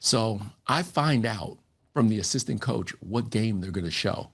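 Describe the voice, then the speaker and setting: A man telling stories as a guest in a casual podcast interview, acting out quotes with lively energy. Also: lowish voice, measured pace, slightly rough. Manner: animated, acts out quotes in other voices. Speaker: entertainment and sports TV host, guest.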